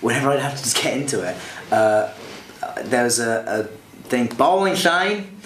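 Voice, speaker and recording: Young male actor, backstage banter, self-mocking, middling pitch, echoey room. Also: moderate pace, slight background noise. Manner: wry, self-deprecating, hesitant. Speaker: stage actor. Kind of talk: casual backstage chat. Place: theatre dressing room. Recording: roomy, faint ambience.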